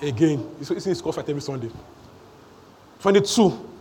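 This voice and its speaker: Man, pastor preaching, higher-pitched voice, repeats lines, loud then hushed, faint ambience in church. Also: expressive, fast talker, slight background noise. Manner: emphatic, repeats phrases, swings between shouting and hushed. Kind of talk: sermon.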